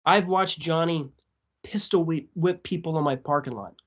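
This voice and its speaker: A man guesting on a podcast, telling a story in a casual, profane, animated way. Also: on the high side, normal speed, highs cut off. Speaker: tattoo artist.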